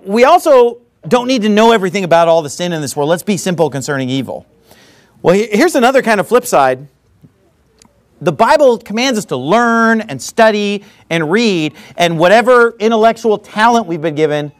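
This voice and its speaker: Animated high-voiced male preacher. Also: moderate pace. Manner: animated preaching with mocking asides and laughter. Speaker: pastor. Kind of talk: sermon.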